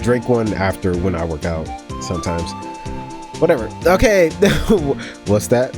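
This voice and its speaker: Young male gaming host, casual and profane, animated delivery over game soundtrack. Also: on the low side. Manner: rambling, profane, joking asides. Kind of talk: casual let's play commentary. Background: game music.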